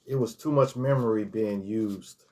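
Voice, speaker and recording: This middle-aged vlogger's voice is on the low side, a little mellow and a little slow. He tells casual stories in a rambling storytime monologue, restarting words and filling with "you know" as he recalls.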